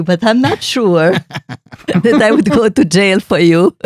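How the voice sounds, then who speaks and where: Brief: older female co-host, halting and warm-natured chat, dry recording. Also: medium pitch, lively intonation, no room sound. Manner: halting, many restarts. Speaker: podcast co-host. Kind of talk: casual chat.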